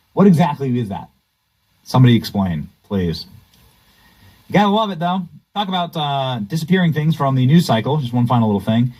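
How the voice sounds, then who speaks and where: A man's voice: mid-range voice, darkish tone, rough recording. A man hosting political commentary, sarcastic and mocking. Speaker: commentary host.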